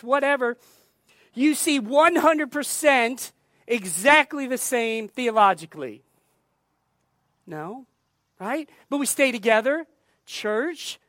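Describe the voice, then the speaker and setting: Slow, deliberate woman pastor preaching. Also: high-pitched, a bit bright, dry recording, studio quality. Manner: deliberate, emphatic preaching with repeated phrases. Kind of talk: sermon.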